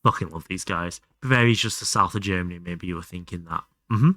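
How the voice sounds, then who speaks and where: A man's voice: sits low, fairly quick, a bit bright, no room sound, studio quality. A young man chatting casually and thinking aloud while streaming a game, swearing freely. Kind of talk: casual live gameplay commentary.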